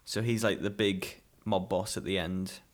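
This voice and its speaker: A man's voice: sits low, fairly even intonation, measured pace. A man chatting casually about a TV show, rambling and repeating words as he goes. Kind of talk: casual chat reviewing a TV show.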